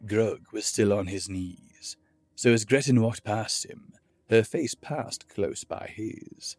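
A man narrating a fantasy story in a measured, steady way. His voice is husky and lowish, and he takes his time, with soft music faint underneath. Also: dry recording. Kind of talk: scripted narration.

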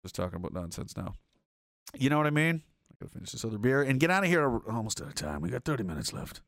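A man's voice: mid-range voice, fast, creaky, no echo, studio quality. A man hosting a livestream, reading chat comments and ranting casually in a profane, sarcastic way. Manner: profane, sarcastic, animated, slips into mocking voices.

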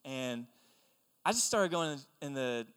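A young man preaching a sermon, telling stories in an animated, conversational way. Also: medium pitch, slow, clear, resonant tone. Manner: animated storytelling, excitable and conversational. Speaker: pastor. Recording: long hall reverb.

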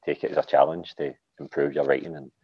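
A man's voice: extremely low pitch, flat delivery, fast talker, slightly rough, no room sound, muffled recording. A man with a Glaswegian accent, an author guest chatting casually on a podcast, swearing freely and dropping "like" and "aye".

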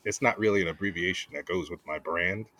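Fussy, deep-voiced male guest. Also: fast talker, bright, forceful tone. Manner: fussy, insistent. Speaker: podcast guest. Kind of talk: comedic podcast banter.

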